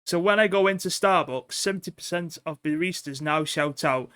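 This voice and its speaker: An older man in his sixties jokes about himself in easy podcast banter. His delivery is dry and self-mocking, and his voice sits a little high. The sound is close and dry, with no room around it. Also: normal speed, pushed and bright, clean tone, dry recording. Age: 60s. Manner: self-mocking and dry, drops into a low mutter. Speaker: podcast co-host. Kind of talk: casual banter.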